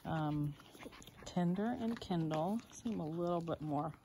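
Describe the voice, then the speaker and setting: A woman's voice: on the low side, unhurried, warm tone, a little hiss or hum. A woman filming puppies outdoors, chatting casually and laughing often, cooing at the dogs in a baby-talk voice. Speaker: dog breeder. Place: outdoors in a dog yard. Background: puppies and dogs playing.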